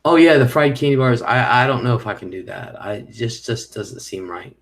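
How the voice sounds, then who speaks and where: This is a middle-aged man on a casual live stream, reading viewer comments and chatting at length, dropping swear words when annoyed. His mid-range voice is animated and slightly bright, moving at a moderate pace.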